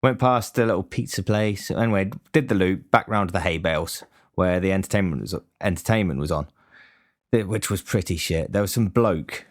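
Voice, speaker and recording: A young man telling a rambling, sweary story in a casual, deadpan complaining way. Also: low voice.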